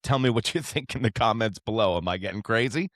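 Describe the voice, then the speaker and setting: A man hosting a sports show, ranting in a brash, profane, excitable way. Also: fairly low pitch, quick pace, dry recording, clean studio sound. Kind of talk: fired-up sports reaction rant.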